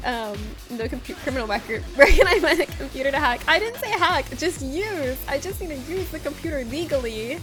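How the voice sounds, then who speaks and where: A woman streaming a game and talking to her viewers in a playful, joking manner that often breaks into laughter. Her voice sits a little higher than most. Game music plays clearly behind her. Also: expressive, moderate pace, fairly bright tone. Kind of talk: live gameplay commentary, chatting with viewers.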